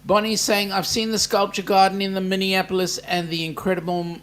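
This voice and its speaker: An Australian man with a slightly raised pitch chats casually on a live stream, reading out viewer comments one by one. He talks back to them in a loose, easygoing way, with lots of "mate" and "um". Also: little pitch movement, fairly quick, fairly bright tone. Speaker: livestream host reading chat. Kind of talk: casual livestream chat.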